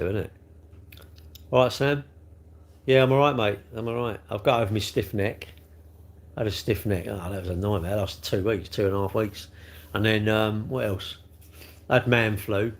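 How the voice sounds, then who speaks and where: A man in his sixties with a South London accent, chatting casually on a livestream and answering comments, rambling and tagging questions onto everything. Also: lowish voice. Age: 60s. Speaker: livestream host.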